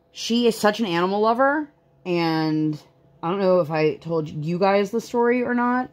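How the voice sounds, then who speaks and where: A woman in her thirties chatting casually while she works on a craft, rambling with lots of fillers. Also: on the low side. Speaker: vlogger.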